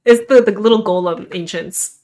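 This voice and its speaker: A woman's voice: medium pitch, moderate pace, dark tone. A young adult woman streamer chatting casually in a rambling, self-deprecating way.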